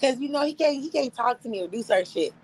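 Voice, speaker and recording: A woman's voice: a little high, quick pace, slightly rough, low-quality recording. A young woman hosting a livestream, telling a story casually, with frequent laughter, profanity. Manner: animated, profane, laughs often. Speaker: livestream host.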